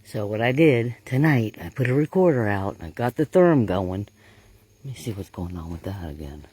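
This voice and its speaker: A man with a dark, husky voice narrates a night-time field investigation outdoors in the woods. He talks casually and excitably, often dropping to a hushed tone. His delivery is that of an amateur researcher talking to his viewers. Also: lowish voice, normal speed, no room sound. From Florida.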